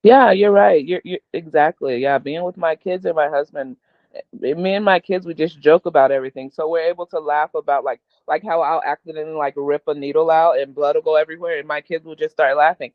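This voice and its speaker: Over a tinny, dry, phone-like line with no room sound, a woman guest talks candidly and emotionally about her own life. Her voice is low-pitched, her pace a little fast, and she laughs often.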